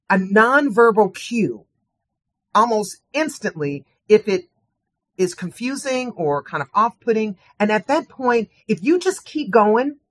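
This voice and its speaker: A woman's voice: medium pitch, a bit bright, dry recording. Earnest woman trainer giving advice. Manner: earnest, instructive, measured. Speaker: guest trainer. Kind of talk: advice in an interview.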